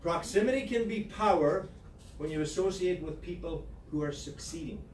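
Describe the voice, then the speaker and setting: A man's voice: high-pitched, normal speed, darkish tone. A man with an Irish accent from Ireland, leading a real estate team meeting in an office with playful, sarcastic teasing. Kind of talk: motivational team meeting talk. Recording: echoey room from far off, noisy.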